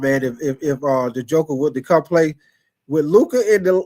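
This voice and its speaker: A man hosting a sports livestream in casual chat, reading super chats and answering viewers by name, animated and repetitive, laughing often. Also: mid-range voice, moderate pace. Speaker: sports talk livestream host.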